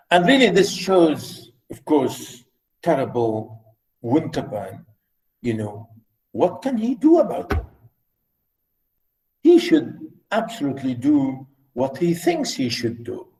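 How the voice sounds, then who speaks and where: A male teacher lectures on a novel in a slow, theatrical way. His voice is high and very lively, jumping between low mutters and loud exclamations. The room around him is echoey. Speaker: literature teacher. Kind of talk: class lecture with dramatic readings.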